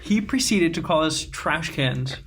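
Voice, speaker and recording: A man's voice: fairly high pitch, lively intonation, a little slow, very noisy. Rambling teenage boy telling a story. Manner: rambling, many fillers. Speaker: podcast co-host. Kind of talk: casual storytelling chat.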